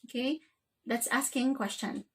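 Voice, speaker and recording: A woman's voice: on the high side, unhurried, fairly bright tone, slightly rough. A woman teaching an English grammar lesson, checking in with "okay?" after nearly every phrase.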